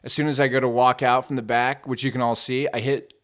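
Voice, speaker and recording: A man's voice: mid-range voice, level tone, quick pace, a bit bright. A young man, a comedian guest on a podcast, rambling through stories in casual chat and acting out the voices of the people in them. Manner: rambling storyteller, acts out kids' voices.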